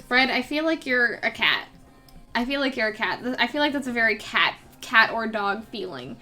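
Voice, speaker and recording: Young woman streamer, bright slightly high voice, chatty and sweet, faint music behind. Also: expressive, moderate pace. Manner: chatty, affectionate, talks to her cat. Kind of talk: casual live-stream chat while drawing.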